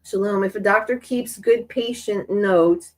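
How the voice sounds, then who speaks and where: A woman's voice: mid-range voice, measured pace, darkish tone, low-quality recording. A woman hosting a sewing live stream, chatting in a rambling way with many restarts while she works, stuffy from a lingering cold. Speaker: sewing channel host.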